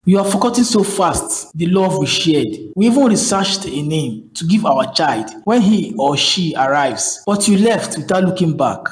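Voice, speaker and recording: A man's voice: a little high, lively intonation, moderate pace, hardly any pauses, lightly acted, low-quality recording. A man voicing an earnest, wounded husband in a cartoon drama, pleading with his wife to remember him.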